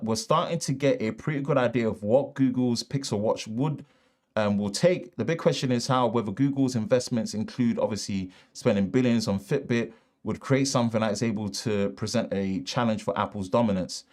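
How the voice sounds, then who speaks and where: A man's voice: mid-range voice, moderate pace, darkish tone. A man with a Northern English accent hosting a live tech show, reading the news loosely with asides and restarts, recorded on a shotgun mic in a treated home studio. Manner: casual, rambling, reads news with asides and restarts. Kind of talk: live-stream tech chat.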